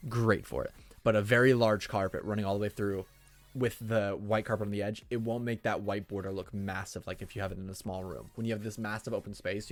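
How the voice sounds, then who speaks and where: Chatty low-voiced young man streaming a build. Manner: chatty, thinking aloud, self-mocking. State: hiccups. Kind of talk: casual gameplay commentary.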